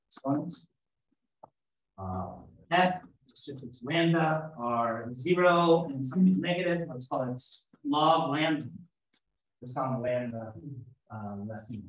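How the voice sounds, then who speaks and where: A man giving a mathematics seminar talk, explaining step by step and thinking aloud as he goes. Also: on the high side. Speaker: lecturer. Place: seminar room. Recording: echoey lecture room, slightly dull sound.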